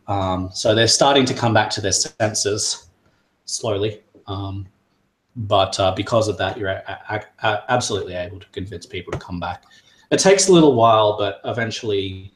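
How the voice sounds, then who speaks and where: A man narrating a tabletop game as game master, halting, with many fillers and restarts. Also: lowish voice, echoey room, poor audio.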